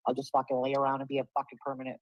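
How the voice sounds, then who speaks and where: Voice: mid-range voice, completely flat delivery, racing, dry recording, dull audio. A guest in a casual livestream chat, ranting sarcastically with heavy swearing.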